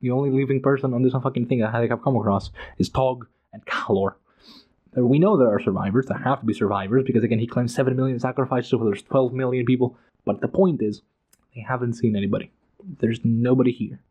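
A man's voice: medium pitch, steady tone, fast, dark tone, slightly rough, lo-fi sound. A man giving an emphatic, profane, passionate casual analysis of a book. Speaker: book commentator.

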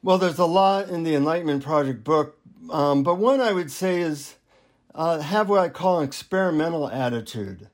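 A male author on an interview show, talking in a relaxed, anecdotal way. He pokes gentle fun at himself as he goes, and his voice sits somewhat high for a man. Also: moderate pace. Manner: relaxed, self-deprecating, anecdotal. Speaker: author and guest. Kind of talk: interview storytelling.

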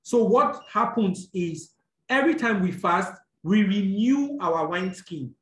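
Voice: medium pitch, expressive, a little slow, a bit bright. Echoey preacher teaching a sermon. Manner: explanatory, checks in with "all right?", corrects own slips. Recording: echoey room.

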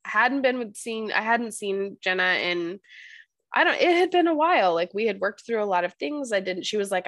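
A woman's voice: medium pitch, lively intonation, moderate pace, fairly bright tone, no room sound. A young woman hosting a podcast, chatting casually and telling stories with frequent restarts. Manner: chatty, storytelling, many restarts. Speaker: podcast host.

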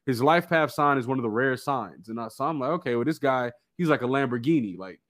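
A man telling a personal story in casual chat, animated and slangy. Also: medium pitch, brisk. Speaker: guest.

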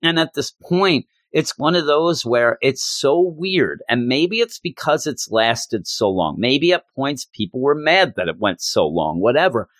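A man's voice: medium pitch, big pitch swings, measured pace, hardly any pauses, fairly bright tone, no echo, studio quality. A man co-hosting a podcast, chatting casually and emotionally about a comic book, often restarting his sentences. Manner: earnest, emotional, talks with repeated restarts. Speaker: podcast co-host.

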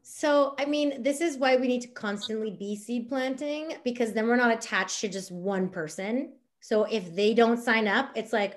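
A woman teaching a sales class, chatty and animated, acting out little dialogues as she explains. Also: fairly high pitch, moderate pace, few pauses. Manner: animated, acts out dialogue with big voices. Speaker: essential oil sales trainer.

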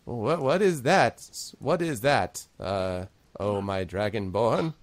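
A man voicing a kindly older male gnome priest who speaks gently and calls others his child. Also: on the low side, animated, slow pace, no room sound. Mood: startled.

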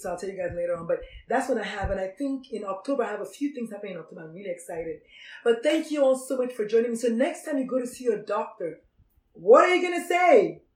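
A woman's voice: fairly high pitch, darkish tone, echoey room, distant mic, poor audio. A woman gives an emphatic, preachy talk to doctors and repeats her key phrases. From Nigeria. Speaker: physician speaker on doctor suicide. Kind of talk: motivational talk.

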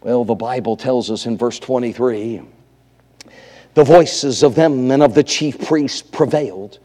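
A man preaching a revival sermon, swinging from loud exclamations down to hushed near-whispers. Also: medium pitch, measured pace, in a large hall.

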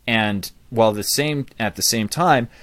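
A man around forty shares his own story as an interview guest, animated and prone to quick restarts. His voice sits a little low. The recording is dry and close. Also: no echo. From Canada. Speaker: guest, public speaking coach.

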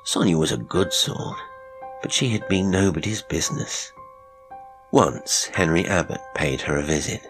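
A man narrating a classic horror short story in a measured, unhurried way. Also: low-pitched, over music. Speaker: narrator and producer.

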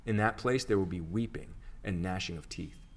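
A man reading scripture aloud, speaking the words of a calm, authoritative male teacher in a measured, even way. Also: low voice.

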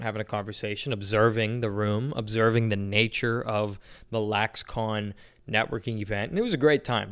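Speaking in a lowish, clean-toned voice, a young man from the Pittsburgh area of Pennsylvania rambles through a long casual story. Fillers like "you know what I mean" come up again and again.

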